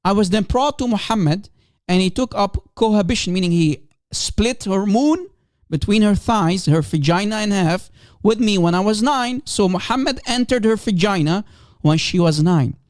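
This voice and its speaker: Streaming commentary as a religious debater, a native Arabic speaker scorns and mocks his opponent, laughing at him and hammering his points home through repetition. He speaks at a normal speed in a high, a little mellow voice with lively intonation, recorded at studio quality with no room sound.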